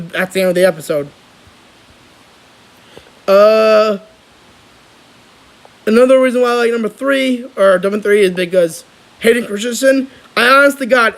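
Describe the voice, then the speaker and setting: A young man chatting casually on his channel, rambling and excitable, with lots of restarts. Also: high voice, low-quality recording. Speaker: vlogger. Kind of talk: casual chat.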